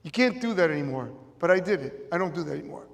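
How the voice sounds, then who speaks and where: Talking fast and expressively, a middle-aged man with a Chicago accent delivers a motivational talk on stage to an audience, hammering home repeated key phrases. His voice is on the high side with a creaky texture, and the large room gives a long reverb.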